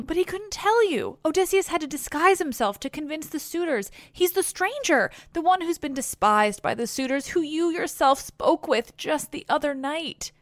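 Old nurse, giddy and loyal, rushing her words; read by a woman, pitched up, dry recording. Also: no room sound. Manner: breathless, eager pleading.

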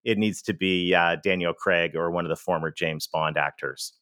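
A man's voice: low-pitched, fairly even intonation, normal speed, a bit bright, clean tone, no echo, clean studio sound. A Canadian man with a Canadian accent, a podcast guest talking about running businesses in an upbeat, emphatic way. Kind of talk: conversational interview.

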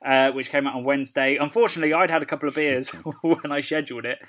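A man's voice: on the high side, fairly even intonation, quick pace, fairly bright tone. A man with a British accent, co-hosting a casual podcast and telling stories with a laugh. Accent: British English. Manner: laughs while telling stories, reads out comments. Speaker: podcast co-host. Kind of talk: casual chat.

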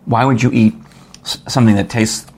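A man's voice: fairly quick, slightly rough. A man hosting a casual podcast chat, rambling and joking with a guest. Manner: chatty, rambling storyteller with lively pitch swings. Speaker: podcast host.

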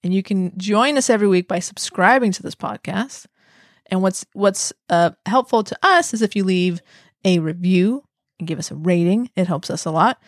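A woman's voice: mid-range voice, moderate pace, no room sound, studio quality. A woman co-hosting a podcast in casual chat, talkative and laughing at herself. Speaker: podcast co-host.

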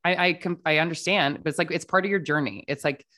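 Woman, deep-pitched voice, casual podcast chat, lots of "like" fillers, plays out quoted dialogue. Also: fast talker, a bit bright. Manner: chatty, frequent "like" fillers, acts out quoted dialogue. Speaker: podcast guest, author. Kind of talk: casual conversational storytelling.

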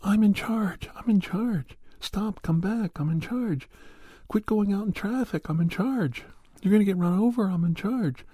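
A man voicing a bossy, bitter woman who is turning into a Grinch, domineering and shrill when she yells. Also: measured pace, breathy edge, dry recording.

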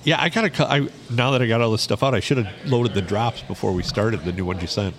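A man co-hosting a podcast in relaxed casual chat, easygoing and a little distracted. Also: on the low side, fast. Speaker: podcast co-host.

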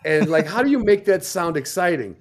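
A man hosting a podcast, talking in a relaxed, rambling way and often restarting his sentences. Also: high voice, fairly quick. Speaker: podcast host. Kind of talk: casual podcast chat.

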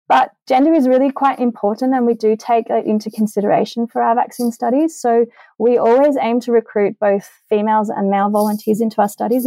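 A middle-aged woman talks about her research in an earnest, enthusiastic way, often pausing on fillers and restarting sentences. Her voice sits a little high but sounds mellow. The recording is dry and close. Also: no room sound, rough recording. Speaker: vaccine immunologist guest. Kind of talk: remote interview answers.

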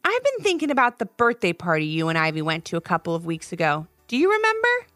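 Woman voicing a gentle caring dad. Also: lowish voice, huge pitch swings, fast talker, faint music behind.

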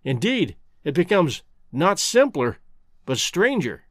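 Excitable male companion, puzzled and quick, voiced by a man. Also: a little high, no echo, clean studio sound, full character voice.

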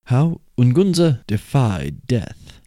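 A man reading a folk tale aloud in a measured, expressive way. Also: mid-range voice, dry recording, studio quality. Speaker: storyteller.

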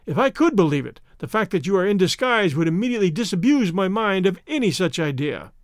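Narrator guy doing a stern calm hero, measured and polite, high lively voice, dry mic. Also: no room sound. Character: calm, stern jungle-raised gentleman hero.

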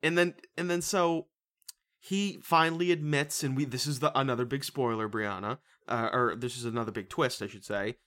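A man's voice: medium pitch, moderate pace. A man co-hosting a casual podcast, animatedly recapping a movie plot and laughing often. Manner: animated storytelling, breaks into laughter. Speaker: podcast co-host.

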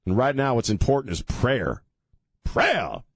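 A man with a deep, low voice hosts a radio show from a dry, close studio mic. He rambles casually and jokes about himself, then grows earnest about prayer. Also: normal speed, darkish tone, no room sound. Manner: rambling, self-deprecating, earnest about faith. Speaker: radio host. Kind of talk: casual talk radio monologue. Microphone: studio mic with headphones.

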